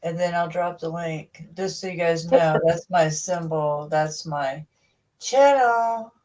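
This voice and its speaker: A woman running a livestream rambles through casual chat, often stopping herself mid-sentence. Her lowish, darkish voice moves slowly, picked up by a distant mic that leaves her a bit off-axis.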